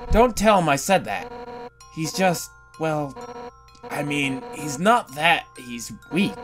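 A let's-play gamer voicing a hot-headed fish-monster woman who captains the royal guard, gruff and blunt, slipping into awkward confiding. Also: mid-range voice. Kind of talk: reading game dialogue aloud.

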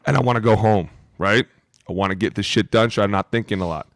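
A man's voice: fairly low pitch, fast, dry recording. A man co-hosting a football podcast, a former lineman telling profane, emphatic locker-room stories in casual chat.

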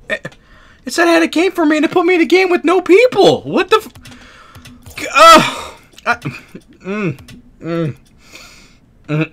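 A man streaming a car game, joking and yelling at the game as he plays. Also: very high voice. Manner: joking, animated, quick to laugh and yell at the game. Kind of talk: casual gaming stream commentary.

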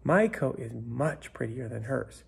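A man voicing a boastful, sneering show pony in a storybook, in a raspy, gravelly voice. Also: medium pitch, animated, a little slow, heavily acted. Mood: snooty. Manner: sneering, bragging.

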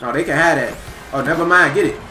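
A man's voice: a little high, quick pace. A young man, commentating his own basketball video game and swinging between hype and frustration. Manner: excitable, yelling at the game, frustrated outbursts. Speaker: gaming YouTuber. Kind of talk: live gameplay commentary. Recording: roomy sound with loud game music.

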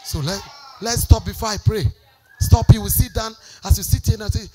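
A woman pastor leading a church sermon, shouting prayer declarations for the congregation to repeat and then dropping to a quieter preaching voice. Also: on the high side, normal speed. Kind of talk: sermon with call-and-response prayer.

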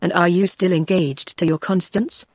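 Jolly teasing young widow, british lady tts reading her, husky edge, dry. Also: lowish voice, normal speed, no room sound. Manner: flat synthetic reading of her lines.

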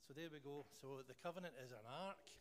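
A Scottish man leads a church gathering, praying and then hosting a jokey quiz with the congregation. His voice sits a little high for a man. The sound carries a long reverb from a church hall, with a faint hiss of noise underneath. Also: quick pace. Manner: playful, jokey, animated with the room. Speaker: church leader.

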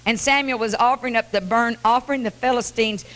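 Woman preacher, middle-aged, bright tense voice, soft then shouting, Pentecostal sermon. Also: a little high, fairly even intonation, fairly quick.

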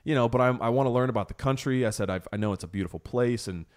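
A man's voice: medium pitch, rapid-fire. A young man hosting a podcast, who tells a story in a casual chat and acts out the quotes with animation. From United States. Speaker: podcast host.

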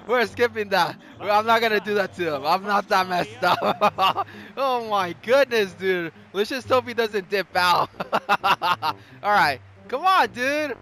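A young man giving live commentary on his own gameplay, excitable, laughing and shouting often, switching between Spanish and English exclamations. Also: sits high, measured pace. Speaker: gaming YouTuber.

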